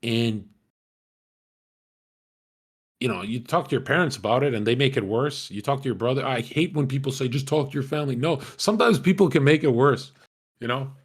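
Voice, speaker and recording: A man's voice: mid-range voice, fast, breathy edge. A young man telling personal stories in a casual, candid way, swearing freely and laughing now and then.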